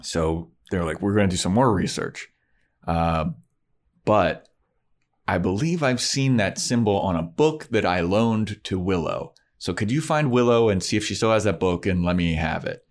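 A man in casual chat, recapping a TV episode and acting out the characters as he retells it. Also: normal speed. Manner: animated retelling, voicing characters with pitch jumps. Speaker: podcast co-host recapping a TV episode.

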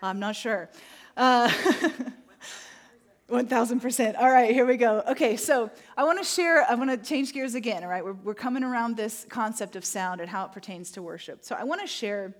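A woman preaching a sermon, telling stories vividly and slowing down to stress key points. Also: fairly high pitch. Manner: animated storytelling, acting out moments; slow emphatic phrasing on key points. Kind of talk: sermon with personal storytelling.

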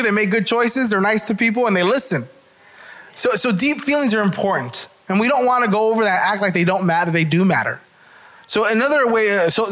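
Male pastor, high-pitched, delivering a loose, conversational sermon, restarts phrases and checks in with the crowd. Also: fairly bright tone. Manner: restarts words often, keeps asking "right?".

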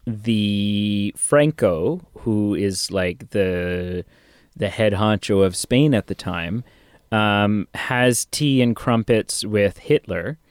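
A man with a fairly low, smooth voice talks through a movie in a loose, halting way. He comes across clearly and closely, in a dry room with no echo. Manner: rambling, hesitant with many ums. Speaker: podcast co-host. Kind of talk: casual film discussion.

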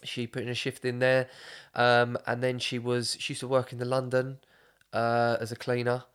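A young man chats loosely on a podcast. His voice sits at an ordinary middle pitch. He rambles, swears freely and laughs through his stories. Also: monotone, normal speed, a bit bright, clear, resonant tone. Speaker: podcast host. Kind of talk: casual chat.

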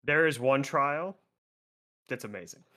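A man co-hosting a casual gaming podcast, mostly giving short replies and gently correcting details. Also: mid-range voice, a little slow. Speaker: podcast co-host. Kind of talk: casual chat about video games.

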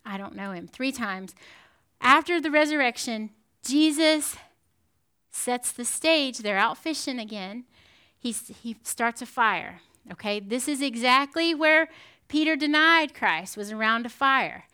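A woman giving a sermon in a conversational, animated storytelling manner, often checking in with the listeners. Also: high-pitched, slow, clear, resonant tone. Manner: animated storytelling with frequent "right?" asides. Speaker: preacher.

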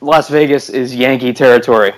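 A man's voice: medium pitch, fairly even intonation, a little fast, poor audio. A man co-hosting a podcast, chatting playfully and laughing often. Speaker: podcast co-host and editor. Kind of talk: casual chat on a call.

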